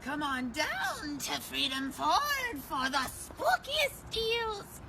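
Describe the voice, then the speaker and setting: A spooky old witch with a piercing, very high voice that stretches every word out slowly. The delivery is shrill and sing-song for a homemade promo video. It sounds far from the mic, with loud noise behind. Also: sing-song, gravelly, full character voice. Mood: cackling. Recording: distant, noisy clip.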